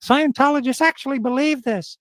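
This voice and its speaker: A man's voice: extremely high pitch, a bit bright, dry recording. Brief: man, interview guest, explanatory, dry sound. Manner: explanatory, measured, with filler pauses. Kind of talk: conversational interview.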